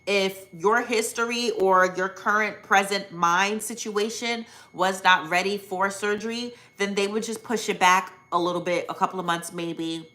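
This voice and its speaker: Young woman, american, bright clear tone, casual live-stream chat, upbeat, lots of ums and restarts. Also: medium pitch, fairly even intonation, normal speed, few pauses. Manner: chatty, upbeat, frequent ums and self-corrections. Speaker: weight loss surgery vlogger hosting a live stream.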